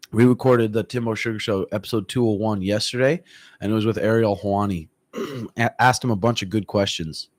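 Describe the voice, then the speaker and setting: A man who works as a fight coach, chatting casually on a livestream and answering viewer comments in a relaxed, profane way, often clearing his throat. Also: lowish voice, no echo. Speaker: MMA coach. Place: room at home.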